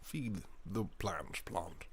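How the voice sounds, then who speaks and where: Man, young adult, casual stream chat, low voice, trails off into mumbles. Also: lively intonation, drawn-out words, slight background noise. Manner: mumbling, thinking aloud, often trailing off quietly.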